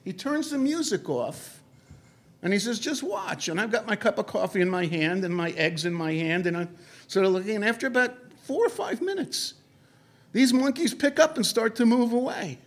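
A man telling a travel story in an animated, digressive way, with many fillers and restarts. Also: sits high, moderate pace. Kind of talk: anecdotal storytelling.

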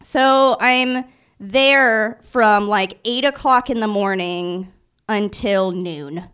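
A young woman telling a personal story in an animated, self-mocking way, full of filler words. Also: medium pitch, slow pace, clean tone. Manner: animated, filler-heavy retelling with many "like"s; self-mocking, anxious narrating tone.

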